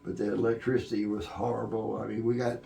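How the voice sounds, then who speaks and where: A man's voice: on the low side, little pitch movement, quick pace, creaky, dark tone, recorded from a distance. An older man, a veteran sound engineer, telling long anecdotes in a podcast interview, rambling with fillers and restarts. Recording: echoey room.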